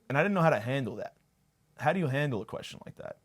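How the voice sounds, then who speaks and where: A man's voice: mid-range voice, expressive, racing. A young man hosting a podcast, rambling through a profane, self-deprecating comedic monologue. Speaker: podcast host.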